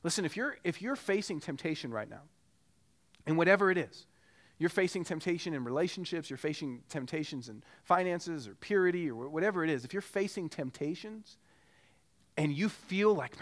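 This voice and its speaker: A man's voice: fairly high pitch, expressive, fairly quick. A man preaching a sermon as pastor, earnest and pressing with repeated rhetorical questions.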